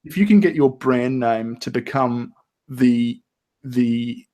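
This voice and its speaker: An Australian man hosts a casual live-stream chat as a podcast host, swearing freely and stumbling through restarts. His voice is medium-pitched and mellow, and he takes his time.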